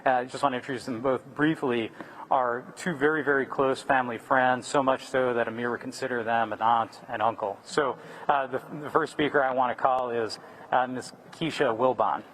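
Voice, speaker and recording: A man moderating a press conference, making formal announcements with hesitant pauses and restarts. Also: medium pitch, fairly even intonation, a bit bright, a little hiss or hum, low-quality recording. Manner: hesitant, many fillers and restarts.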